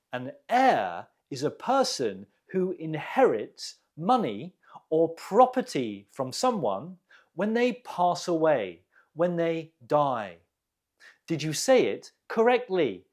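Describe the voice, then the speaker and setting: Guy teaching english quiz, slow and careful, bouncy tone. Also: fairly high pitch. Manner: slow, deliberate model pronunciation. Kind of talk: quiz lesson.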